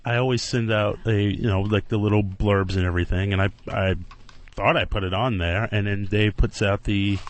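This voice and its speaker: Low-voiced, defensive, hesitant producer man. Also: steady tone, moderate pace, slight background noise. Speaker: radio producer. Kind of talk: casual radio banter. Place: radio studio.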